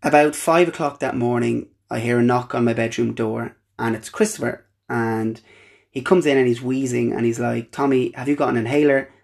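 A young Irish podcast host tells a personal story earnestly but haltingly, restarting often. His mid-range voice is creaky and a little mellow, with fairly even intonation.

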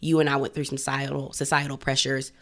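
Gravelly, blunt woman podcaster. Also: extremely low pitch, fast talker. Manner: blunt, profane and animated, laughing often. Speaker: podcast co-host. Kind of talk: casual podcast chat.

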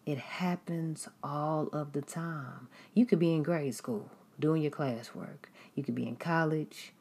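A woman's voice: low-pitched, unhurried, a little mellow, slightly rough. A woman preaching a sermon in an emphatic, repetitive way, now and then mimicking critics in a raised voice.

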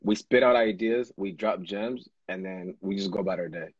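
Deep husky man speaking earnestly. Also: normal speed, no echo, dull audio. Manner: earnest, motivational, affirming. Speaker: guest. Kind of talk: casual live-stream chat.

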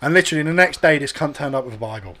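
A man telling a sweary, animated story on a casual podcast chat, acting out other people's voices. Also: a little high, rapid-fire, crowd noise. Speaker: podcast host.

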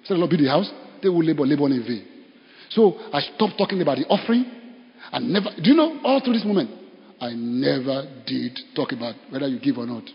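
A man with a Nigerian accent, a pastor preaching a sermon with animated storytelling and bursts of laughter. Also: fairly high pitch, a little fast. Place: church. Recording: dull sound in a reverberant hall.

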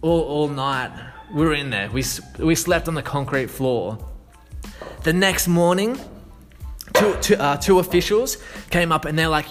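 A man with a somewhat high voice tells a story in a loose, rambling way. He swears often and fills the gaps with fillers and restarts. Soft music plays in the background. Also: a little slow. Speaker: sales consultant. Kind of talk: casual storytelling.

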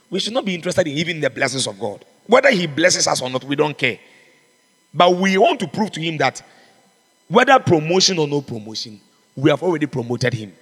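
A man's voice: a little high, a bit bright, husky, in a large hall. A man preaching a sermon as pastor, fervent and exhorting, calling out to his congregation. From Ghana.

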